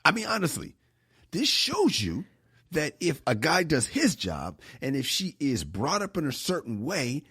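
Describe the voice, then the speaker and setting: A man's voice: a little high, wildly swooping pitch, measured pace, bright, forceful tone, slightly rough, dry recording, clean studio sound. A man co-hosting a podcast in casual chat, joking and teasing playfully. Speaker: podcast co-host.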